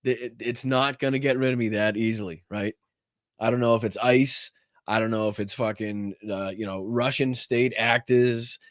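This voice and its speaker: A man's voice: mid-range voice, steady tone, moderate pace, no room sound, studio quality. A man from Massachusetts, hosting a casual livestream podcast and rambling in a profane, joking way. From Massachusetts, USA. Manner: profane, rambling, joking about his tech troubles. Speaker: political podcast host.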